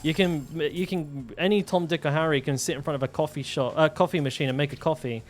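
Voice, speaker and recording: A man's voice: a little high, fairly even intonation, fast talker, faint music behind. A young man streaming a game, telling stories in a rambling way, swearing freely with lots of fillers and restarts. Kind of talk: casual storytelling while gaming.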